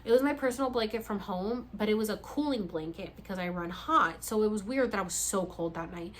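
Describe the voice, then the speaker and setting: A woman's voice: medium pitch, brisk, slight background noise. A woman vlogger telling a story casually and acting out the dialogue. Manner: animated, acts out the dialogue.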